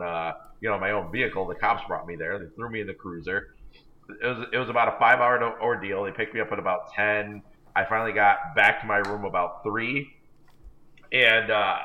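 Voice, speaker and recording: A man co-hosting a podcast, telling a long self-deprecating story in a rambling, casual way. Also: lowish voice. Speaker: podcast co-host. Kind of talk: casual chat. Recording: dull lo-fi recording.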